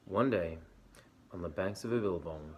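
A man gently reading a picture book aloud to a child at bedtime. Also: low voice, highs cut off, a little hiss or hum. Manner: gentle, unhurried storybook reading.

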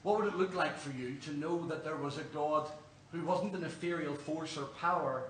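A man's voice: on the high side, moderate pace, a bit bright. An Irish man preaching a sermon in a church, earnest and questioning, telling stories to the congregation. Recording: roomy church, distant mic, faint hum.

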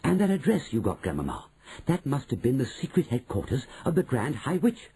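A man reading an audiobook, voicing an eager, excitable young boy who has been turned into a mouse. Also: mid-range voice, brisk, husky, heavily acted. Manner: eager, breathless questions.

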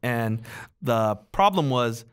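A man co-hosting a casual podcast, recounting a childhood story among friends in a relaxed way and laughing along. His voice sits in a plain middle range. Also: medium pitch, slow, clear, resonant tone. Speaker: podcast co-host.

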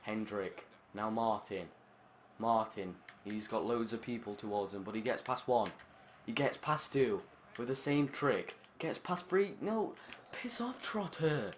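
A man commentating his own football video game match, chatting along and breaking into shouted, sweary outbursts at the play. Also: fairly low pitch, expressive, measured pace, a little hiss or hum. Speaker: gaming channel host.

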